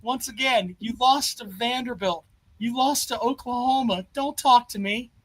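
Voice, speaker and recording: A man's voice: very high-pitched, moderate pace, breathy edge, rough recording. A man hosting a sports call-in show, taunting a caller over and over in a mock-polite way. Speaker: sports talk host. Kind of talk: call-in radio banter.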